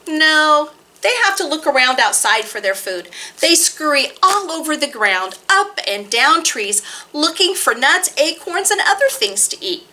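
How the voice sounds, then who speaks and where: A woman hosting a library storytime, reading rhymes and picture books aloud to toddlers in a sing-song, expressive way. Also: high-pitched, a little slow. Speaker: children's library storytime host.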